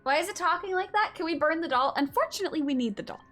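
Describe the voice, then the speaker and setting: Lively high-voiced woman streaming a game. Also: rapid-fire. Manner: reads game dialogue aloud and reacts with exclamations. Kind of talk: casual live game commentary. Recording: voice over game music.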